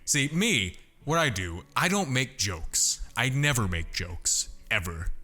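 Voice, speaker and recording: A man's voice: medium pitch, sing-song, slow, sharp tone. A young man talking casually as a podcast guest, brash, boastful and full of swearing. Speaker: podcast guest, content creator.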